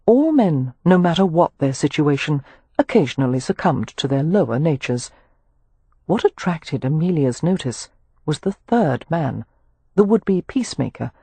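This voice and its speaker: An audiobook narrator reading a period romance with expressive, measured storytelling. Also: mid-range voice, breathy edge, dry recording.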